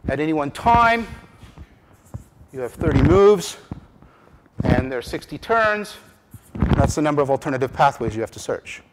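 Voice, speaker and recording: Animated male lecturer, faint hiss. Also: on the high side, moderate pace, long pauses. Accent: Canadian English. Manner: animated, emphatic, rhetorical repeated questions, frequent restarts. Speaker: cognitive science lecturer. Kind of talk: conference lecture. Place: lecture room.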